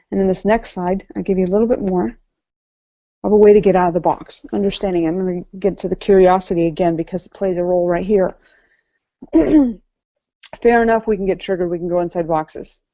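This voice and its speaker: A woman's voice: fairly low pitch, dark tone, no room sound. A woman life coach giving an earnest motivational talk from slides, repeating key phrases for emphasis, in a slightly muffled recording. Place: event venue before an audience.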